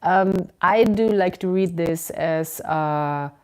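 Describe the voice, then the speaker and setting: Slow, low-voiced woman reading tarot. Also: clean tone, poor audio. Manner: unhurried and musing, with many ums and soft laughs. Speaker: tarot reader. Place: indoors at home.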